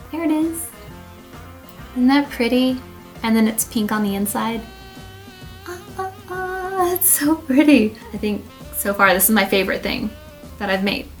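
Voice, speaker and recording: A young woman chatting casually through a DIY crafting tutorial, gushing enthusiastically over her handmade gifts. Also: mid-range voice. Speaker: crafting vlogger.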